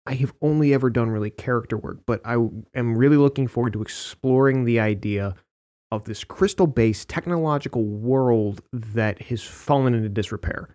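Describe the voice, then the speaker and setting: A man's voice: medium pitch, normal speed, a little mellow. A man, an artist, in a casual creative discussion, talking playfully and enthusiastically and joking around.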